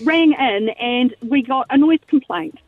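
Animated New Zealand woman on a dull line. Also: sits high, a little slow, no echo. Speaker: caller. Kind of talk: casual phone chat. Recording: dull dry phone audio.

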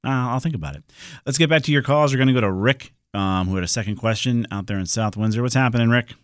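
A man's voice: medium pitch, fast, no room sound, studio quality. A man hosting a call-in computer radio show, chatty and reassuring with his callers.

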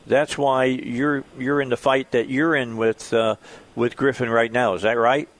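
Radio host asking conversational questions. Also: male voice, mid-range voice, flat delivery, unhurried, no echo. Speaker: radio talk show host. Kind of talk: radio interview.

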